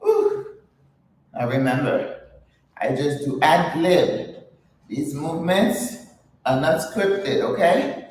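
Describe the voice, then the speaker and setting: An older woman hosting a casual vlog while exercising, chatting and laughing often, with breathy exertion sounds. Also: low voice, slow pace, pauses often, darkish tone, heavy reverb, distant mic, poor audio. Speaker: channel host.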